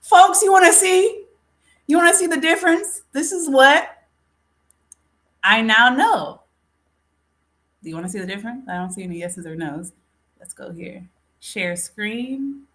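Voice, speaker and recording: A woman's voice: fairly high pitch, expressive, measured pace, long pauses, a bit bright. A woman hosting a casual live stream, talking straight to her viewers and calling them folks. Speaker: livestream host.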